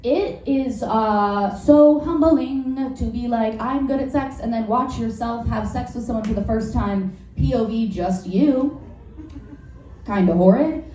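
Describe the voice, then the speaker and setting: A woman's voice: fairly high pitch, unhurried, dark tone. A woman doing a crude, rambling stand-up set, often interrupting herself and laughing at her own jokes. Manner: frank, crude, filler-heavy. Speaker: stand-up comedian. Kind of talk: stand-up set, work in progress. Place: live comedy venue with audience. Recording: roomy, distant live recording with faint noise.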